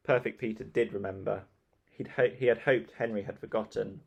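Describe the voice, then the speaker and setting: Gravelly-voiced man reading a children's story. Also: lowish voice, fairly even intonation, normal speed, darkish tone. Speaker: audiobook narrator. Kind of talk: scripted storybook narration.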